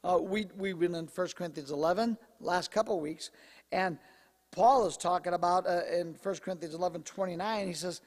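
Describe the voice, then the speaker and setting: A male pastor preaching a sermon in a conversational, animated way, his voice slightly hoarse. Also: high-pitched, a little fast, big-room sound. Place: church sanctuary.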